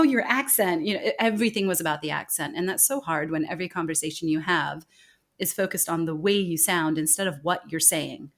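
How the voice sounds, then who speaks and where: Woman, lowish pitch, podcast guest, emphatic, conversational. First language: English. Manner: emphatic, animated when quoting others.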